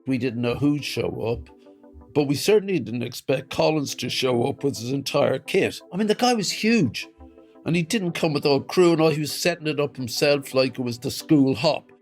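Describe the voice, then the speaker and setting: A man's voice: mid-range voice, animated, moderate pace. An older man with an Irish accent recalling events emphatically in an interview, asking questions and answering them himself. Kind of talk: reminiscing interview. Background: faint music.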